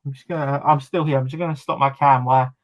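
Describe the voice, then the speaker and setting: A man hosting a casual online talk show, chatty and quick to laugh. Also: mid-range voice, steady tone, noisy background. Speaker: host. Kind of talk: casual chat.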